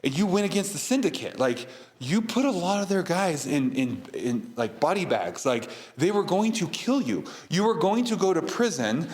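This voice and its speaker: Give me an earnest, pleading older brother with a higher voice, as a man acts him out. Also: big pitch swings, normal speed, hardly any pauses, a little mellow.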